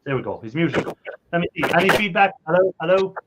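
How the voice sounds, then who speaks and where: A man's voice: on the high side, lively intonation, quick pace, background noise. Chatty man hosting a live video call. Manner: chatty, laughs often, many fillers. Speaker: host. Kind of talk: casual live-stream chat.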